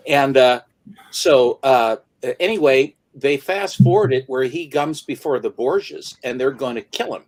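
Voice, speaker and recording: A man's voice: mid-range voice, measured pace, low-quality recording. A man in his seventies in casual chat, telling a story vividly and acting out each scene. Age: 70s. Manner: vivid storyteller who acts out the scenes he retells.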